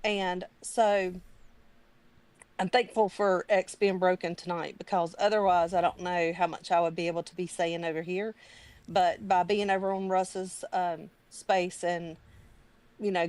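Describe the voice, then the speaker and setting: A woman's voice: on the low side, a little mellow. A woman talking in a casual, heartfelt chat on a live stream, earnest and rambling, near tears as she thanks a friend. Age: adult parent.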